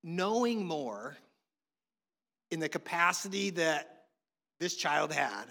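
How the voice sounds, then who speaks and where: A middle-aged man with a notably high voice preaches a sermon in an easygoing, conversational way, mixing teaching with funny family stories. His voice rings out with a long reverb, as in a large hall. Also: very animated, takes it slowly, pushed and bright. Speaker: pastor.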